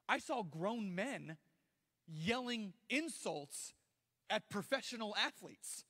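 Male pastor, high voice, animated self-mocking sermon, long hall reverb. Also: slow. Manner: animated, self-mocking preaching with sudden loud outbursts. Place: large church hall.

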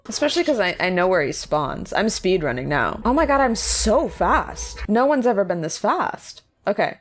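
A woman's voice: mid-range voice, sing-song, moderate pace, over music. A young woman giving casual, sarcastic commentary while playing horror games. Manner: chatty, sarcastic, playful. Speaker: horror game streamer.

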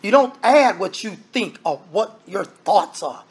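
In a husky, animated voice that sits high, a man delivers a sermon at a measured pace. As minister he calls the congregation brethren directly, stressing and repeating his points through rhetorical questions.

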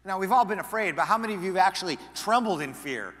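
A male pastor preaching a sermon, animated, moving between loud emphasis and quiet asides. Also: sits high, quick pace, big-room sound. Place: church sanctuary.

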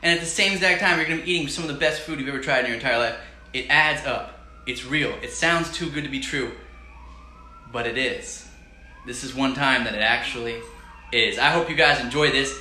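A man's voice: medium pitch, a little fast, sharp tone, echoey room, a little hiss or hum. A man hosting a live cooking stream, chatting with viewers and giving an enthusiastic, repetitive motivational pep talk. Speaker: healthy-cooking livestream host.

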